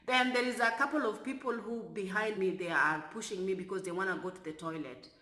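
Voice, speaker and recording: Bright-voiced woman telling a work story. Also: mid-range voice, a little fast, reverberant. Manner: animated retelling, rising loud when exasperated. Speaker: flight attendant. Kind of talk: storytelling vlog.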